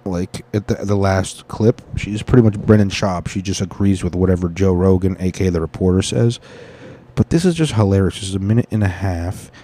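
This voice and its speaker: A man's voice: low-pitched, fairly quick, warm tone. A man hosting a podcast, rambling in casual, profane commentary and getting easily sidetracked. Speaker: podcast host.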